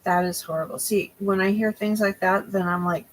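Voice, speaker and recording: A woman's voice: mid-range voice, steady tone, moderate pace, hardly any pauses, a little hiss or hum, low-quality recording. A young woman hosting a crochet livestream, chatting casually with viewers and often losing her train of thought.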